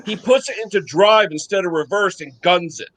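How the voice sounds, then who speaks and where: An older man from the United States telling lively anecdotes in casual chat, often checking in with a quick "okay?". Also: high-pitched, dry recording, low-quality recording. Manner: animated storyteller, checks in with "okay?" tags. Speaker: guest on live chat.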